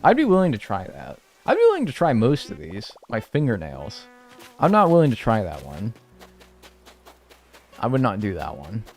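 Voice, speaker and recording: A man's voice: fairly low pitch, wildly swooping pitch, normal speed. A young man chatting casually on a live stream, joking and reacting to chat in a laid-back way.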